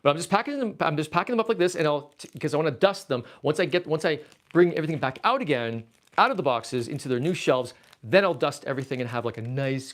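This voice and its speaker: A man from Canada hosting a casual livestream, reading viewer chat aloud and rambling playfully as he packs up his collection. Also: a little high. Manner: rambling, playful, easily excited. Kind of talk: casual livestream chat while packing toys.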